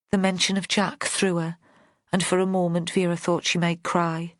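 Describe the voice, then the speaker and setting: Woman audiobook narrator, low voice, measured delivery, dry close sound. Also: steady tone, no room sound. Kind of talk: scripted narration.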